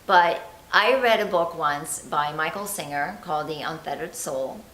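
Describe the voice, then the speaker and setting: A woman's voice: sits low, unhurried, fairly bright tone, roomy sound, a little hiss or hum, rough recording. A woman coaching on confidence, talking chattily and animatedly straight to the viewer. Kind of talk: motivational vlog talk.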